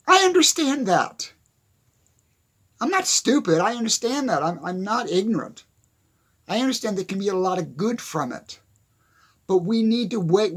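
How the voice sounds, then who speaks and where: A weary man delivers an earnest monologue with a gravelly, rough edge to his voice. His speech is slightly husky and halting, and he circles back to repeat his points as he restarts sentences. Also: high-pitched. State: tired. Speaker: speaker on philosophy.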